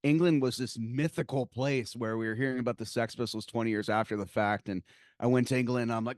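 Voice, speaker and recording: A man of middling pitch co-hosts with a joking, swearing storytelling style. His voice sounds dry and close. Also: fairly even intonation, fast, no echo. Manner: jokey, swears, laughs while telling. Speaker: podcast co-host. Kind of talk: casual interview chat.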